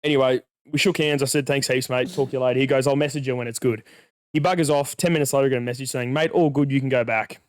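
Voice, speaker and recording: A man's voice: medium pitch, fairly even intonation, fast talker, dry recording, studio quality. A young man, a podcast co-host, telling a long story in casual chat, acting out the dialogue and swearing freely.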